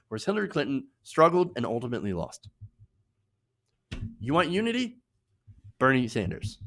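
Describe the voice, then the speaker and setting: Emphatic, animated male political commentator. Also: fairly high pitch, gravelly. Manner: emphatic, indignant, repeatedly raising his voice for emphasis; rambling, with many fillers and restarts when speaking off the cuff. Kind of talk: live-streamed political commentary.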